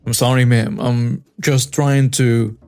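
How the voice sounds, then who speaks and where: Narrator plays a young female cashier: calm, polite, apologetic. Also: mid-range voice, takes it slowly, gravelly, clean tone, dry recording, clean studio sound, pitched below the performer's own voice.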